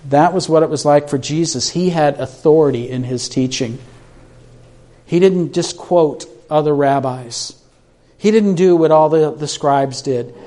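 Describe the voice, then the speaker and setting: A man's voice: fairly high pitch, darkish tone. A man preaching a sermon in a conversational way, asking his listeners questions and restarting his sentences as he talks off the cuff. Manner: repeats words and restarts when speaking off the cuff.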